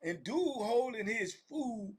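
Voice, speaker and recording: A man with a Southern US accent telling a prison story in a casual, animated way, acting out the men's voices. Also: slow pace, breathy edge. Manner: acts out the men's voices, rising high and loud for quoted shouting. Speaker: storyteller sharing prison stories.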